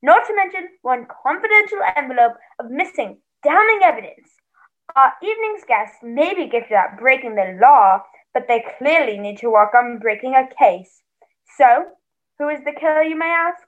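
A woman acting as a butler in a stage play, recapping a murder mystery in a fast, theatrical way. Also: high voice, lively intonation, dull audio. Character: butler narrating the murder case, brisk and theatrical.

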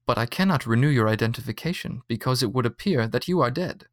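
A man's voice: mid-range voice, expressive, fast talker, no echo, natural voice. Guy reading a stiff friendly computer voice, kinda uncanny, dry close sound. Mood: flat politeness. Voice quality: friendly but slightly uncanny. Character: polite official male computer voice.

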